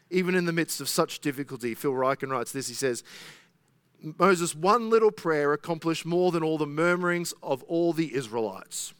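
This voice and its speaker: A man preaches a sermon to his congregation in a fairly high, conversational voice. He keeps asking his listeners rhetorical questions. The recording sounds dry and close. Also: a bit bright, smooth, dry recording. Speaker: pastor. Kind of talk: expository sermon.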